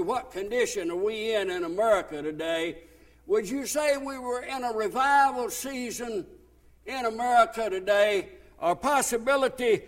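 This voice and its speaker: A man preaching a sermon, folksy storytelling that swells into fervent, raised passages. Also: high-pitched.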